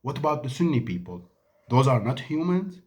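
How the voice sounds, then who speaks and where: A man's voice: medium pitch, big pitch swings, moderate pace. Angry, emphatic Syrian man. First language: Arabic. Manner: angry, emphatic, rhetorical questions. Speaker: vlogger. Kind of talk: impassioned monologue to camera.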